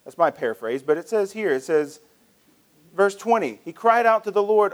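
Pastor guy preaching, chatty storytelling, kinda higher voice. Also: expressive, moderate pace. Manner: conversational storytelling with frequent restarts. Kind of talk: sermon.

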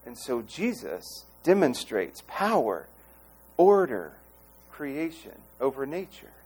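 A pastor delivering a sermon in an animated, expressive way, often acting out the people he quotes. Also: mid-range voice, slow pace, husky.

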